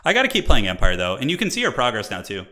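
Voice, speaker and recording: Male streamer-caster, chatty live commentary, lively pitch swings, bright forward tone. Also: racing. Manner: animated, chatty, talks to viewers in chat.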